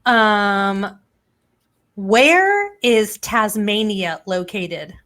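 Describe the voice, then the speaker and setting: A woman's voice: mid-range voice, expressive, drawn-out words, a bit bright. A woman hosting a casual chat show, joking around and quizzing her co-hosts with trivia. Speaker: podcast host.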